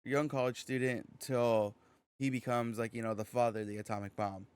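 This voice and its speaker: A man's voice: mid-range voice, moderate pace, clean tone. Rambling podcast co-host, a man. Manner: relaxed and rambling, swears casually. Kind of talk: casual chat.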